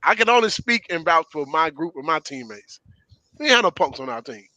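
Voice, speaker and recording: A man's voice: a little high, sing-song, fairly quick, sharp tone, no room sound, low-quality recording. A middle-aged man, a former player telling stories emphatically in casual sports talk. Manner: storytelling, emphatic, laughs often. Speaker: former player and show regular.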